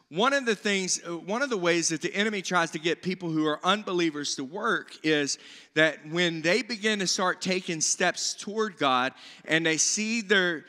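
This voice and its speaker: A man preaching a sermon in a church, animated, with rising emphasis and paraphrased voices of biblical people. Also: high voice. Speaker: pastor. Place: church sanctuary. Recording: church hall reverb.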